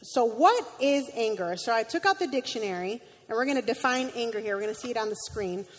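A woman's voice: fairly high pitch, lively intonation, fast talker, slight background noise. A woman preaching a sermon, reading scripture aloud with emotion, sometimes stumbling and correcting herself. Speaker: guest preacher. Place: church sanctuary. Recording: long hall reverb.

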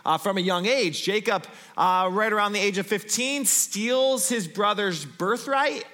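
A male pastor preaching in a church hall, his bright, ringing voice sitting a little high for a man. He retells a scripture story with fillers and pauses, then goes softer and slower as he reads the passage. The sound carries a long hall reverb. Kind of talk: sermon.

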